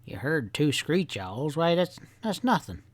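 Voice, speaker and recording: A man voicing a gruff, teasing old mountain grandfather with a scoffing folksy drawl. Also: a little high, big pitch swings, unhurried, no echo. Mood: sleepy, gruff.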